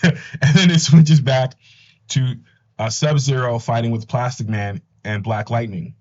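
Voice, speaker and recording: A man's voice: mid-range voice, steady tone, measured pace, a little mellow. A man narrating a comic recap in a casual, enthusiastic and chatty way, with asides. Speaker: comic book recap host. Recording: slightly dull lo-fi audio.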